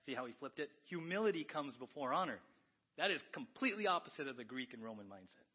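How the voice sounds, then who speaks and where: A pastor preaching a sermon, conversational and lively, often asking the congregation questions. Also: male voice, mid-range voice, quick pace, breathy edge, dull audio. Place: church.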